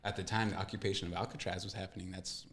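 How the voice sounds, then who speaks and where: A man's voice: low voice, steady tone, rapid-fire, fairly bright tone, roomy sound. A young man, a guest in a casual interview, telling his story earnestly and reflectively. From California.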